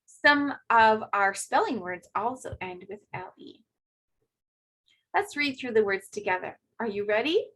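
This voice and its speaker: A woman teacher giving a remote phonics lesson to second graders, speaking clearly and encouragingly to young children. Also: a little high, lively intonation, measured pace, fairly bright tone, poor audio.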